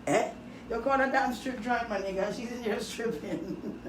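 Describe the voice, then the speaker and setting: A woman rambling casually to camera, joking loudly, swearing and trailing off into mutters. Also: on the high side, normal speed. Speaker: vlogger. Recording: echoey room, noisy background.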